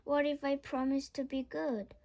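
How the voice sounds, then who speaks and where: A woman's voice: sits high, level tone, normal speed, dark tone. A woman voicing an eager, friendly young girl witch while reading a storybook aloud.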